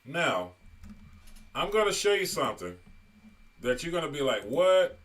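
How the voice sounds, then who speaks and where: A man's voice: fairly high pitch, very animated, normal speed, a bit bright. A male host giving online commentary, talking casually and reading viewer comments aloud.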